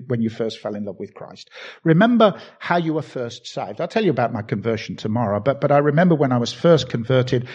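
An older preacher from Birmingham delivers a lively sermon with wide, swinging pitch and emphatic repetition. His voice is a touch husky. The recording is somewhat dull and lo-fi. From England. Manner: animated, repetitive emphatic preaching with self-deprecating asides.

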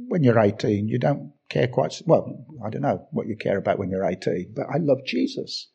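A man's voice: medium pitch, expressive, moderate pace, creaky, mellow, breathy edge. An older man from England with a Birmingham accent, preaching a sermon with emphatic repetition and self-deprecating asides.

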